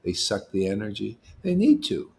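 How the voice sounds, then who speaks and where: A man's voice: lowish voice, huge pitch swings, moderate pace, vocal fry. A man giving an informal sermon to devotees as a spiritual teacher, emphatic and challenging, talking colloquially and repeating words for emphasis.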